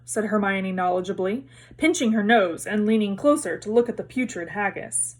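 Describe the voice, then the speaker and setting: A woman reading a children's novel aloud, expressive, lifting her voice for the characters. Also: mid-range voice, moderate pace, few pauses. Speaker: reader.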